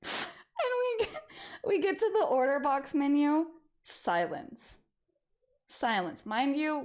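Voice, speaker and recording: A young adult woman streamer telling a story in casual chat, animated and often laughing as she goes. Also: medium pitch, lo-fi sound. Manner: animated, laughs through the story, frequent restarts.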